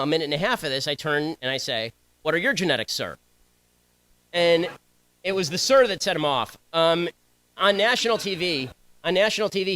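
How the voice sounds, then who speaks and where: A young man giving a combative, sarcastic political speech to students, talking in rapid-fire bursts. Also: fairly high pitch, bright, forceful tone, no room sound, low-quality recording. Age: young adult.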